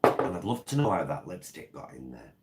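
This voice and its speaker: A man's voice: sits low, very animated, brisk, vocal fry, very noisy. A man chatting live with his viewers, rambling from topic to topic and answering their comments as he goes. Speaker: vlogger.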